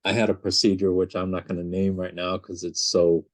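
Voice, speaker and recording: A male host asks his guest questions in a lowish voice. He breaks in with curious follow-ups. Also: little pitch movement, brisk. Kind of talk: interview questions.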